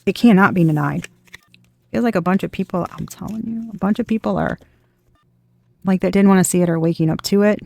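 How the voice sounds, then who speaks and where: A woman's voice: medium pitch, fairly quick, gravelly, pauses often, darkish tone, a little hiss or hum. A woman giving a casual tarot reading to her viewers, emphatic and repetitive, swearing freely as she talks. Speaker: tarot reader.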